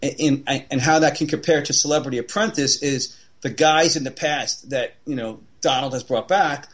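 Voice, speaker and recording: A man's voice: medium pitch, normal speed. A man co-hosting a podcast in casual chat, rambling with many fillers and restarts. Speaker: podcast co-host.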